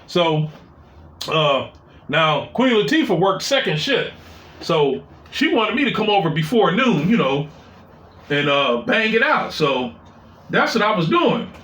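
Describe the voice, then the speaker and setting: Male storyteller, 40s; profane and rambling, animated delivery, roomy echo. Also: high-pitched, unhurried. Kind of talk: casual personal storytelling. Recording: echoey room.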